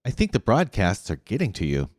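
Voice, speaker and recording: A man voicing a calm, steady boy who leads the group in a storybook reading. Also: fairly low pitch, dry recording, studio quality, big-room sound. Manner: calm, measured.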